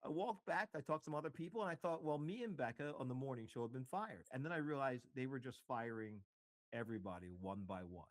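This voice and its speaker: A man's voice: mid-range voice, quick pace, dry recording. A middle-aged man, a radio host, telling a story in casual conversation and acting out the dialogue with laughs. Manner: animated, acts out dialogue with laughs. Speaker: radio host, interview guest.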